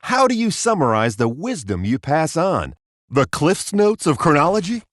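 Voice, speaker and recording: A man hosting a comedy interview show with a wry, deadpan manner. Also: a little high, moderate pace, no room sound, clean studio sound. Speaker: talk show host.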